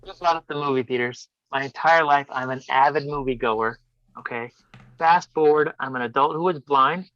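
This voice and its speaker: A man telling a personal story as a podcast guest, animated and acting out voices. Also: mid-range voice, moderate pace. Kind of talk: casual storytelling. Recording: dull dry lo-fi sound.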